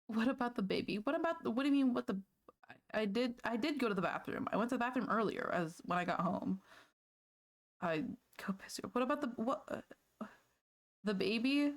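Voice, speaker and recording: A woman livestreaming from home, chatting casually and playfully with her viewers, easily sidetracked and quick to laugh. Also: a little high, lively intonation. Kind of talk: casual chat with live viewers.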